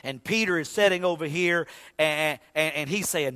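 Dramatic preacher in a reverberant hall. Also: male voice, fairly high pitch, normal speed, clean tone. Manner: dramatic, swings from shouting to hushed; repeats and restarts words. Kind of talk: sermon.

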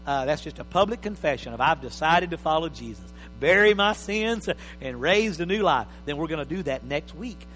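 A man preaching a sermon as pastor, emphatic, swinging between loud and soft. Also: on the high side. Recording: reverberant hall with faint mains hum.

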